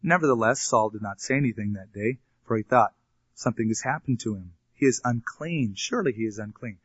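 A man's voice: medium pitch, lively intonation, brisk, breathy edge, dry recording. Male pastor, expository sermon, mixes scripture reading with plain-spoken asides; dry, slightly muffled recording. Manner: reads scripture then explains it in plain, colloquial asides.

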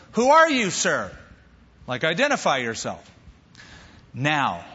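Man, pastor, sermon, fairly high, dull slightly muffled sound. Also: big-room sound. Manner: animated preaching, acts out quoted voices.

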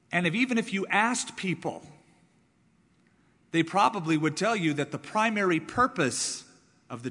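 A man's voice: on the high side, slightly rough. Emphatic man preaching in a hall. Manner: emphatic, repeats words for stress, shifts between loud and soft. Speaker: pastor. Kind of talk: sermon.

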